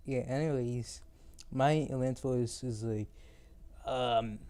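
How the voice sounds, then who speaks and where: A teenage boy hosting a casual podcast, rambling and teasing his co-host. His voice is mellow and dark-toned, with an ordinary pitch. He often stalls and restarts as he loses his train of thought. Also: fairly even intonation, takes it slowly, clear, resonant tone. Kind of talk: casual chat.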